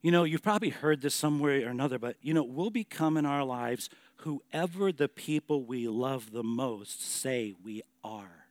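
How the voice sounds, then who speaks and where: A man preaching a sermon as a pastor, emphatic, moving between hushed and loud passages. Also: mid-range voice, moderate pace, few pauses, no echo.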